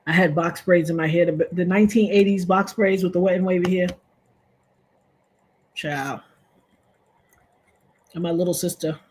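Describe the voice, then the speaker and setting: A woman hosting a livestream, telling a personal story in a casual, animated way and jumping to loud, high exclamations. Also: normal speed, long pauses, a little hiss or hum.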